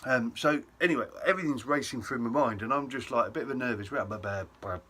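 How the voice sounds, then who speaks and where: Talking quickly in a medium-pitched voice that's bright and forceful with some breathiness, a young man vlogs to camera. His story pokes fun at himself and is chatty, loaded with ums, et ceteras, and tangents.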